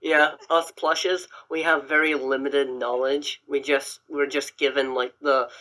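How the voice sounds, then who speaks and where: A man hosting a casual chat on a call, playful and stumbling over his words with quick restarts. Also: mid-range voice, little pitch movement, bright, forceful tone, rough recording. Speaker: host.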